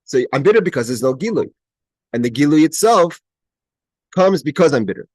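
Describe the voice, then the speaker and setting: A man's voice: on the high side, very animated, fairly quick, darkish tone, slightly rough, dry recording. A man teaching a Torah class over a video call. He explains Hebrew quotes in English, often restarts his sentences, and gets emphatic at key points. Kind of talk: explaining a Hebrew text line by line.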